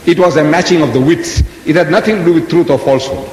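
Older male lecturer in his seventies, lively storyteller, voice fairly high for a man, in an echoey hall with a faint rumble. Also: quick pace. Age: 70s. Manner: dramatic storytelling with rhetorical questions. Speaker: religious lecturer. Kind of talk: lecture to an audience.

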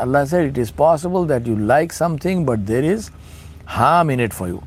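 A man's voice: medium pitch, expressive, moderate pace, slightly rough. A middle-aged man preaching in a conversational way, asking rhetorical questions and acting out little dialogues. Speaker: Islamic speaker. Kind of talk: informal sermon talk.

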